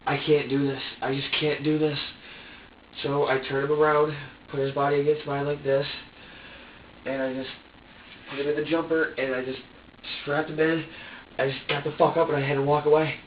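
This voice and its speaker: A man's voice: on the high side, flat delivery, slight background noise. Stammering man heard from far off. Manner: halting, stammering, many restarts; acts out his own past words. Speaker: suspect being questioned. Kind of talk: police interrogation. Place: interrogation room. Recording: distant echoey phone-like archive audio.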